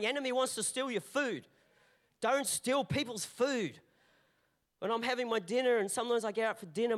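A male pastor preaching a sermon, with a fairly high voice. He speaks in an animated, repetitive way and often restarts his phrases as he drives each point home.

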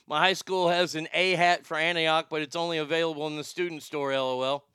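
A man's voice: fairly high pitch, fairly even intonation, moderate pace, sharp tone, clean tone, no echo, clean studio sound. A man hosting a casual talk show, rambling through jokes and profane banter. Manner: loose, joking, profane banter. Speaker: show host.

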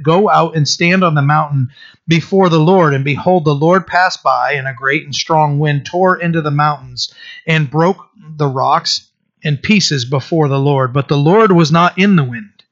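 A man preaching a sermon and reading scripture, talking haltingly with many fillers and restarts. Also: a little high, fairly bright tone. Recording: dull lo-fi recording.

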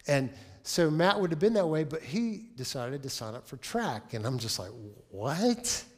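A man in his forties preaching a sermon as pastor, telling a story with lively acted-out dialogue. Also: fairly high pitch, moderate pace. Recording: long reverb of a large hall.

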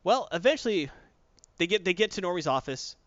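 A man's voice: sits high, expressive, fairly quick, fairly bright tone, dull audio. A man in casual chat, recapping a comic book plot with mocking put-on voices for the characters. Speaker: comic book podcast co-host.

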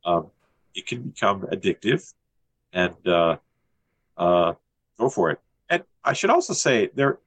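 A man as a guest poet, talking in a relaxed, thoughtful way and reading a poem in a steady, list-like cadence. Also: on the low side, dry recording. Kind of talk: conversational interview with a poetry reading.

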